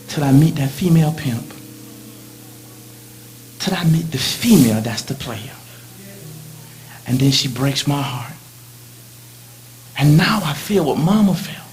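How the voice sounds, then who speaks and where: A male preacher delivering a sermon in a dramatic way, swinging from loud lines to hushed ones as he tells a story in the first person. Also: high voice, a little hiss or hum.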